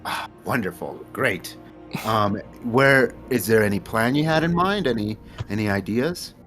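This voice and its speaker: A man's voice: lowish voice, lively intonation, measured pace, fairly bright tone, soft background music. Hesitant, questioning man in role-play. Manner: inquisitive, hesitant with fillers. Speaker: player. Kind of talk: in-character tabletop role-play.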